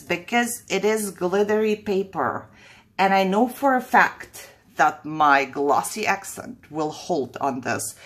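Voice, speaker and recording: Slow chatty woman, breathy voice. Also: medium pitch. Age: middle-aged. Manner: chatty, self-doubting, laughs often. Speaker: crafting channel host. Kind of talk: casual craft tutorial chat.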